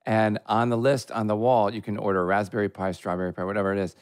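A man co-hosting a casual podcast, excitable and quick to gush. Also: lowish voice, no room sound, studio quality. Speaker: podcast co-host.

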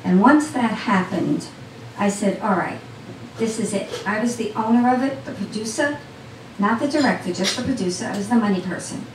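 A woman's voice: medium pitch, moderate pace, a little hiss or hum. A woman telling a personal story to a live audience in a cafe, talking straight to the crowd in a chatty way. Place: small cafe event. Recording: roomy sound from a distant mic.

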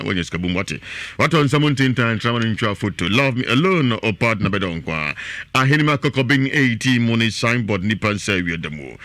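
A man with a Ghanaian accent reading a run of product adverts, hyped and repetitive, reading out phone numbers twice and swinging between loud calls and low mutters. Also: dry recording. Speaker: radio advert presenter. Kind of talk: fast advert announcing in mixed Twi and English.

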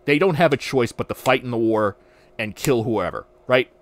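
A man's voice: medium pitch, normal speed. A man hosting a podcast, ranting casually with lots of swearing and restarts. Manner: animated, profane, ranting with restarts. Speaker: podcast host. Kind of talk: casual livestream rant.

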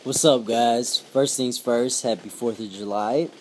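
A man's voice: mid-range voice, fairly even intonation, a little slow, darkish tone, slight background noise. A young man and father talking casually to his camera at home in a loose, chatty way, swearing freely. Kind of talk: casual vlog chat to camera.

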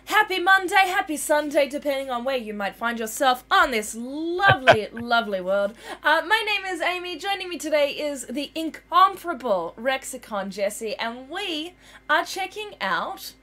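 A woman's voice: high-pitched, animated, moderate pace, pushed and bright. Bubbly Australian woman streamer. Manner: bubbly, chatty, laughs easily. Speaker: livestream host. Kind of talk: casual game stream chat.

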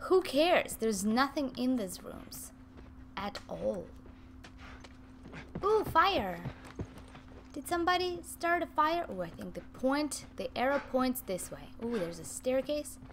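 Bright, high-voiced excitable woman gamer. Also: slight background noise. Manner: chatty, excitable, talks to viewers and her cats. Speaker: gaming video host. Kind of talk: casual let's-play commentary. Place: home room with cats nearby.

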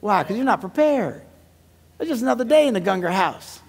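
A man who is a pastor and comedian, telling comic stories in a sermon, dropping to mumbled asides and jumping to loud punchlines, laughing at his own jokes. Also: high-pitched, very animated, fairly quick, gravelly, breathy edge.

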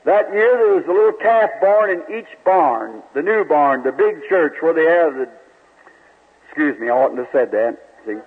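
A man preaching a sermon, telling folksy stories with stammering repeats and quick laughs. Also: on the high side, lively intonation, slightly rough. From United States. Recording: old tinny radio-quality tape.

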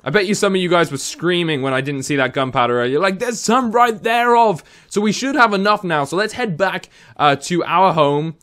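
Excitable young man narrating gameplay. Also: fairly high pitch, fairly quick, few pauses. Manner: excitable, talks to the game creatures and his viewers. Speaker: gaming video host. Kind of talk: gameplay commentary.

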